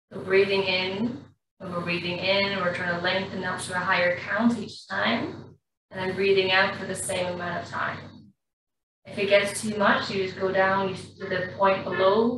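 A woman, a yoga instructor calmly guiding a class through slow breathing in a studio. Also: mid-range voice. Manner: slow, calm, even-toned guidance. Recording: very echoey room, far from mic, faint noise.

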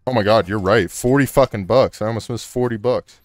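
A man casually chatting and swearing excitedly while playing a co-op video game. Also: on the low side, brisk, no echo. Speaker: gameplay streamer. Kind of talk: casual co-op gameplay chat.

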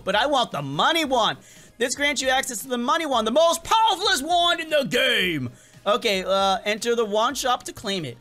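A man giving casual, excitable gameplay commentary as a gaming channel host, often stumbling and repeating words. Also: extremely high pitch. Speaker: gaming YouTuber.

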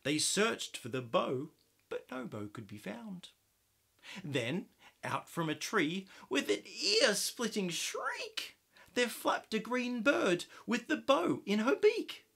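Animated Australian man reading a storybook. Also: sits high, slow, creaky, breathy edge. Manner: animated, expressive read-aloud. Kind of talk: reading a picture book aloud.

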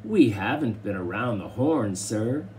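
Casting: man as a courteous, exact butler, mellow voice. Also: fairly low pitch, lively intonation, a little slow, a little hiss or hum. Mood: formal. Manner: polite, precise. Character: formal, clever male butler.

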